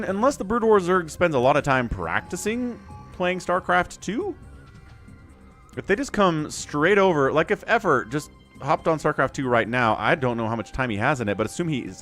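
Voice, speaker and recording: Lively male game-stream caster. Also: mid-range voice. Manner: chatty, turns to excited play-by-play during fights. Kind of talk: live-stream game commentary and chat with viewers.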